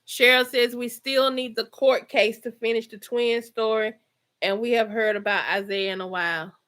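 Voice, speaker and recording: A woman's voice: on the high side, steady tone, moderate pace, fairly bright tone. A middle-aged woman with a Georgia Southern accent, hosting a casual livestream and chatting with her viewers at home. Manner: chatty, laughs often, Southern slang. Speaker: livestream host. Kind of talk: casual chat reading live comments.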